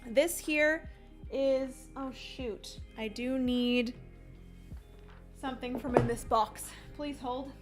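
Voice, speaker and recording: A woman's voice: sits high, fairly even intonation, takes it slowly, over loud music. A young woman streamer chatting casually and giggling as she rambles through a livestream.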